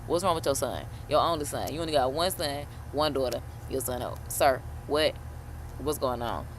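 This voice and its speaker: A woman host chatting casually while reacting to a video, animated and slangy, swearing and calling listeners honey. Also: a bass voice, moderate pace, slight background noise. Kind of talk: casual chat.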